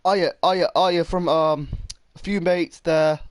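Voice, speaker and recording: A man's voice: fairly high pitch, steady tone, normal speed, dry recording. A man doing casual gaming commentary, rambling and swearing while he reads his chat. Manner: rambling, swearing, many restarts. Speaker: gaming streamer.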